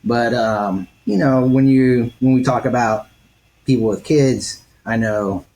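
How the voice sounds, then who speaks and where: A man hosting a podcast, asking rambling questions full of fillers in a relaxed interview. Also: medium pitch, unhurried, a crowd in the background, low-quality recording. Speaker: podcast host.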